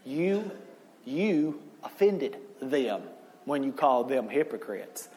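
A male pastor preaching a sermon, joking and conversational, building to shouted emphasis. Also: medium pitch, big pitch swings, takes it slowly, big-room sound, a little hiss or hum.

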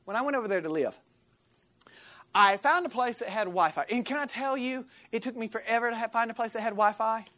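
An American woman with a fairly high voice preaches a sermon at a fairly quick pace, telling a personal story. She swings vividly between loud and hushed and acts out the voices of the people she quotes.

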